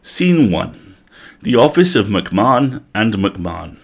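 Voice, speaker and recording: A man's voice: fairly low pitch, sing-song, takes it slowly, breathy edge. Playful man reading a comic story aloud. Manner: playful, breaks off to laugh and comment. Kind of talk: comic live-stream reading with character voices.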